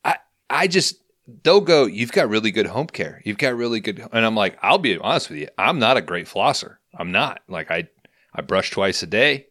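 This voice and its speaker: A man in casual chat, telling crude, animated stories about the dentist. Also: lowish voice, moderate pace, dry recording, clean studio sound. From St. Louis.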